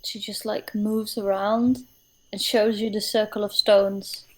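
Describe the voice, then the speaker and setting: A woman narrating a tabletop game as game master, describing scenes slowly with many hesitations. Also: medium pitch, flat delivery, darkish tone.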